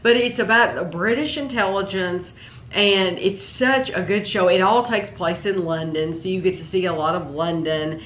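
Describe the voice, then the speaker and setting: A woman's voice: on the low side, normal speed, fairly bright tone, echoey room, a little hiss or hum. A woman, chatting animatedly as co-host about shows she watched. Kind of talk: casual chat.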